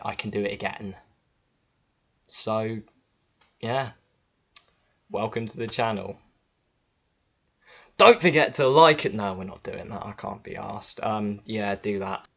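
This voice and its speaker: Low-voiced guy on a laptop mic. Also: a bit bright. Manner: chatty and informal, swears freely. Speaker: vlogger. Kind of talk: casual storytelling to camera. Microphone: built-in laptop mic. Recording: dull lo-fi laptop audio.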